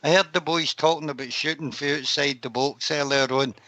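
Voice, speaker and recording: A man on a football phone-in, calm and measured as he gives his opinion. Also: a little high, no room sound. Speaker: caller.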